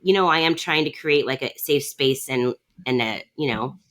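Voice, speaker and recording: A woman's voice: a bass voice, normal speed, a bit bright. A woman hosting a podcast, chatting casually and telling a long family story with lots of fillers. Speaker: podcast host. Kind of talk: casual chat.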